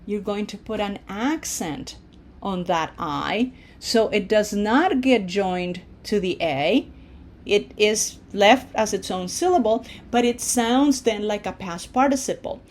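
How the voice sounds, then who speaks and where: A woman's voice: medium pitch, animated, slow. A woman teaching Spanish verb forms in English, explaining patiently step by step and checking in with "okay?". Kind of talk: online language lesson.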